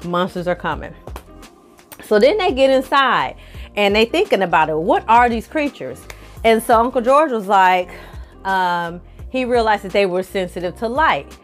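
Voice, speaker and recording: A woman recapping an episode in a casual vlog, animated and profane, acting out the characters' lines as she tells it. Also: mid-range voice, moderate pace, faint music behind. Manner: animated, profane storytelling with acted-out quotes. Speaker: film review vlogger.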